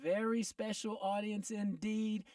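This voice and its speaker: High-voiced man hosting radio. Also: steady tone, a little mellow, dry recording, studio quality, recorded from a distance. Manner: upbeat and joking, quick asides. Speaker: talk show host. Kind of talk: casual radio talk show. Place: radio studio.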